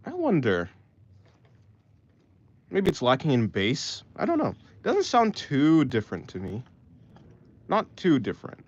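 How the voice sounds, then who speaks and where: A man's voice: medium pitch, wildly swooping pitch, a little slow, pauses often, a little mellow, husky, dry recording. A man livestreaming while he draws, chatting with viewers, rambling and thinking aloud into a phone mic. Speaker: art livestreamer. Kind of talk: casual chat with a live stream audience. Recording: slightly dull audio, faint music.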